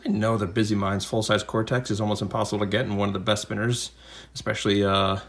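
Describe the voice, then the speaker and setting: A man's voice: lowish voice, level tone, fast talker. A man hosting a casual unboxing video, chatting in a rambling way with jokey asides from a home room with a desk camera. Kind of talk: casual unboxing and beer tasting chat.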